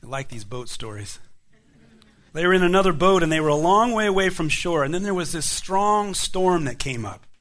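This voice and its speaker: A male pastor preaching a sermon, retelling miracle stories with lively emphasis and rhetorical questions to his listeners. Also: fairly high pitch, normal speed. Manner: animated storytelling preacher, rhetorical questions to the congregation.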